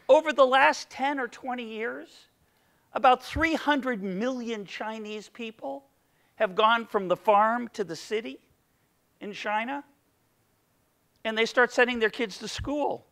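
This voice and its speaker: A middle-aged man with a very high, slightly bright voice gives an economics seminar lecture in a lecture room at a measured pace. He's playful and keeps firing questions at the audience.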